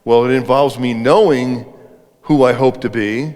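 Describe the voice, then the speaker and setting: A man's voice: medium pitch, fairly even intonation, unhurried, a little mellow. A middle-aged man speaking on leadership at a live event, talking conversationally and putting questions to the audience. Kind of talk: interactive live talk to an audience. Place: event hall before an audience. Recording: reverberant hall.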